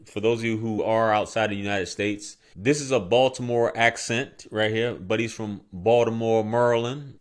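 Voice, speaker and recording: A man hosting a reaction show, talking casually to his viewers about clips. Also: on the low side. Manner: relaxed, conversational, addresses the audience. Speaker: commentary host.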